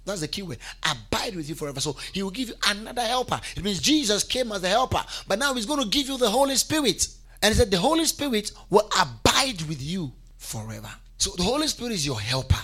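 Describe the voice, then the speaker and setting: A man's voice: sing-song, fast talker, husky. A man preaching a sermon with emphasis, urging his congregation to repeat lines after him. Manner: emphatic, rises to fervent shouts and drops low. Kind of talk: sermon with congregation call-and-response.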